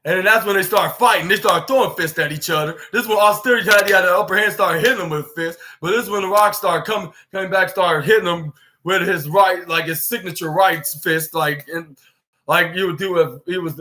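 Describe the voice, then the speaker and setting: A man's voice: high voice, bright, forceful tone. A man hosting a podcast, retelling a wrestling show in a rambling play-by-play way. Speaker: podcast host. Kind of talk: casual wrestling show recap.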